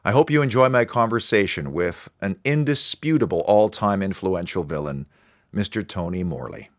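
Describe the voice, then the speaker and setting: A man's voice: low-pitched, animated, moderate pace, dry recording, clean studio sound. A man from Canada hosting a podcast, with an earnest, enthusiastic manner of interviewing. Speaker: podcast host. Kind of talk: scripted intro, then interviewing.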